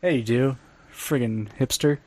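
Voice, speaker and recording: A man's voice: mid-range voice, unhurried. Jokey man co-hosting a podcast. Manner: jokey, laughs often, animated. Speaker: podcast co-host. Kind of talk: casual chat.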